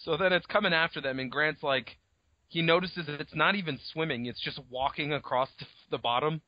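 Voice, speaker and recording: A man co-hosting a podcast, retelling a story in a casual, profane, animated way on dull lo-fi audio. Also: on the high side, fairly quick, dry recording. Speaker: podcast co-host. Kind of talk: casual chat.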